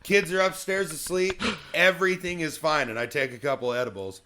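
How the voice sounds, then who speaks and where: A young man co-hosting a podcast, joking crudely and ribbing his friend in a deadpan way. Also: fairly high pitch, a little fast. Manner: deadpan teasing, crude insults. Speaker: podcast co-host. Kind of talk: casual chat.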